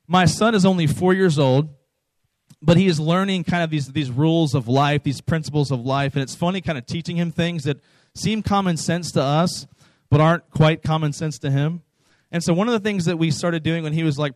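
A man's voice: on the high side, darkish tone, no echo, low-quality recording. A man in his thirties giving a casual, conversational sermon as a pastor, often repeating his words for emphasis.

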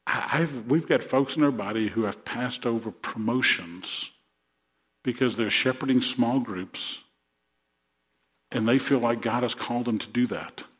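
A male pastor preaching a sermon to his congregation in earnest, repeating words as he builds to rousing emphasis. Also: medium pitch.

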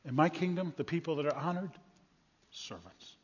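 A preacher voicing a calm, grave teacher. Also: male voice, fairly high pitch, moderate pace, husky. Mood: gentle, grave. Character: calm, gentle teacher correcting his followers. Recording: dull lo-fi sound with long hall reverb.

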